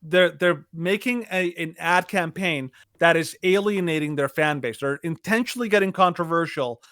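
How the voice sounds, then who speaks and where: A man co-hosting a podcast in casual opinion chat, halting with many fillers and restarts, getting animated when he mocks something. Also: fairly high pitch, no room sound, studio quality. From Latino heritage. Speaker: podcast co-host.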